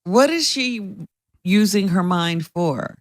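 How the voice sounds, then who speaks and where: A man co-hosting a radio talk show, amused and quick to laugh, putting in teasing questions. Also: high-pitched, lively intonation, no echo. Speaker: radio co-host.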